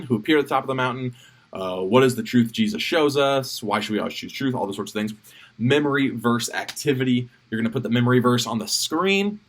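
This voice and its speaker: A man leading children's ministry, briefing volunteers in a relaxed, chatty, self-deprecating way. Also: mid-range voice. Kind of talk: casual volunteer training briefing.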